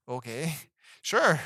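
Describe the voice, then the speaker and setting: A man's voice: a little high, a bit bright, no echo, clean studio sound. A man giving a casual spoken film review, rambling and hesitant, with lots of fillers and restarts. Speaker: movie reviewer.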